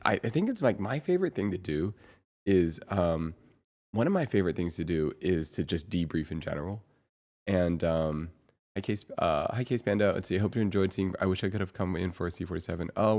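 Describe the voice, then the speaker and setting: Low-voiced man chatting on a livestream. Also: expressive, darkish tone. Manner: rambling, halting, many fillers and restarts. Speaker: streamer. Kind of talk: casual live-stream chat.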